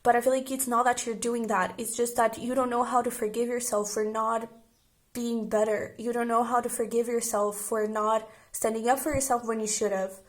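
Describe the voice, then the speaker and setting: Gentle, higher-voiced woman reading tarot. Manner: gentle and reassuring, speaking directly to the viewer. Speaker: tarot reader. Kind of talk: casual pick-a-card tarot reading.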